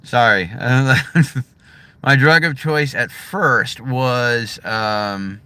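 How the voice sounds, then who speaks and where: A man's voice: medium pitch, drawn-out words, pushed and bright, clear, resonant tone, dry recording. A middle-aged American man chatting casually from his driveway, blunt and profane, swinging between heated and subdued. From United States. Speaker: vlogger. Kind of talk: casual livestream chat.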